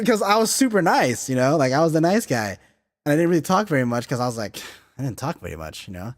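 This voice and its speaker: A man's voice: on the high side, big pitch swings, fairly quick, big-room sound. A man in his thirties hosts a podcast, his raised voice jumping all over as he spins profane, rambling stories. He leans hard on filler words and breaks into laughter between lines. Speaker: podcast host. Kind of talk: casual storytelling chat.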